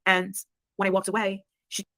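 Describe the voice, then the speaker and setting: A woman's voice: mid-range voice, completely flat delivery, normal speed, sharp tone, no echo. A woman hosting a casual livestream chat, blunt and swearing freely, often laughing. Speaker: livestream host.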